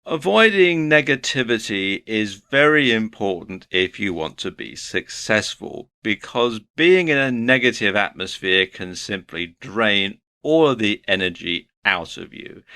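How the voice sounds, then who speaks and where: A man giving self-help advice in a relaxed, conversational way. His pitch rises and falls with lively movement, and his voice has a bright, forward edge. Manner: earnest, advising, conversational. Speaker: self-help video presenter. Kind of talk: motivational talk to camera.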